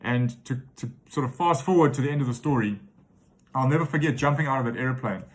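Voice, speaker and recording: Podcast host in his forties, mid-pitched man, reflective motivational storytelling. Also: fast talker. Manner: reflective storytelling with frequent fillers.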